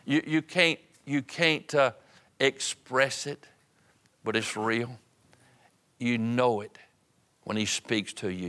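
A middle-aged preacher delivering a sermon with a bright, ringing tone. He drives through rhythmic lists of phrases, then drops to soft, hushed passages. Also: mid-range voice.

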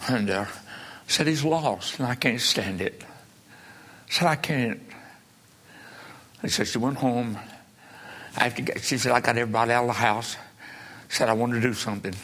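A man preaching a revival sermon, impassioned, swinging from low pleading to shouted peaks. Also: moderate pace, long pauses.

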